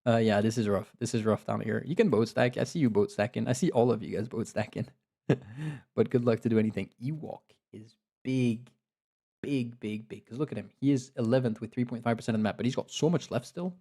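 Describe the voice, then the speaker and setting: Man, live game commentary, excitable, cheering, a bit tired, dark mellow tone. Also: mid-range voice, fairly quick, creaky. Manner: excitable, laughing, cheering players on. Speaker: game commentator and league host.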